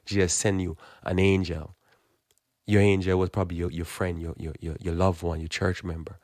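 A man's voice: low-pitched, flat delivery, normal speed, a little mellow, no room sound, clean studio sound. A man giving a blunt, emphatic, informal sermon, often repeating words as he builds his point. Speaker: Christian preacher. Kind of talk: informal preaching monologue.

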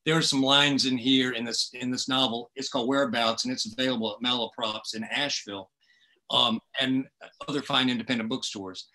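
Bright-voiced, wry South Carolina man. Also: mid-range voice, fairly even intonation, fairly quick. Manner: wry, folksy, jokey. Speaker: fellow writer interviewing. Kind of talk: casual conversation.

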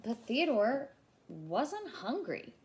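A woman childcare teacher reading a picture book aloud to young children in an expressive storytelling voice. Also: fairly high pitch, slow, slight background noise.

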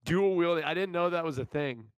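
A man chatting loosely on a livestream, giggly and rambling, high on edibles. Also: fairly quick, smooth, no room sound, highs cut off. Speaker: livestream guest. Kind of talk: casual livestream banter.

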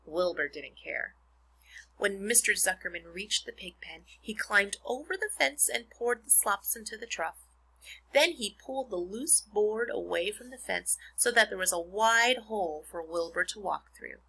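A woman's voice: mid-range voice, animated, normal speed, gravelly, bright, forceful tone, slightly rough, rough recording. A woman teacher reading a children's book aloud, stopping now and then to explain words to her young listeners. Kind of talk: read-aloud storytime.

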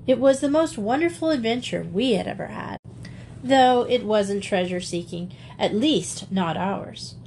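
A woman reading a classic children's story aloud, with measured, lively storytelling. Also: fairly high pitch, slight background noise. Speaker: audiobook reader. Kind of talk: storybook narration.

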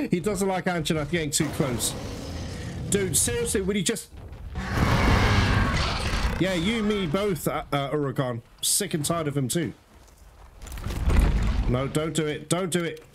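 A man's voice: a little high, measured pace, pauses often, heavy background noise. A man giving gameplay commentary who gets worked up, swears freely and keeps calling his viewers guys. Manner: excitable, swears often, talks to viewers as guys. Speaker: let's play host. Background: game music.

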